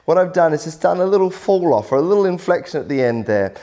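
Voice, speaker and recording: Leading a singing workshop on video, this vocal coach talks fast in an expressive, mellow voice on the high side. He's encouraging throughout, peppering his explanations with "lovely" and "little".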